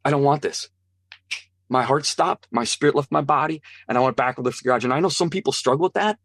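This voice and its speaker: A man who is an interview guest, telling a personal testimony in an earnest, animated way and acting out what others said. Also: medium pitch, fast, no echo, clean studio sound. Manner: earnest, animated, acts out quoted voices.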